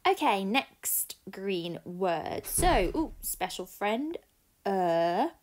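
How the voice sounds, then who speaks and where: Woman teacher, phonics lesson, clear and encouraging, slow and very lively pitch. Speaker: primary school teacher. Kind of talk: phonics lesson and reading a story aloud.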